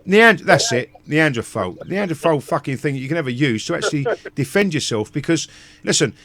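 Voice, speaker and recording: A man's voice: on the high side, very animated, brisk, fairly bright tone. A man hosting a live stream, ranting in blunt, sweary casual chat with many restarts.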